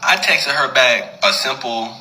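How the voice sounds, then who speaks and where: A man tells a personal story in a loose, animated, conversational way. His voice is very bright and forward. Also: medium pitch, measured pace, low-quality recording. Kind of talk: casual storytelling.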